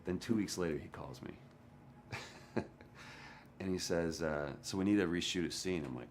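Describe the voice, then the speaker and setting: A middle-aged actor recounting a story in a documentary interview, candid and animated, acting out quotes. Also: male voice, low-pitched, normal speed, pauses often, slight background noise. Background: documentary music.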